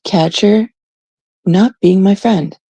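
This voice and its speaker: A woman's voice: mid-range voice, slow, vocal fry, warm tone, husky, no room sound. A woman from Canada talking casually on a livestream, aggrieved and emphatic, repeating her points.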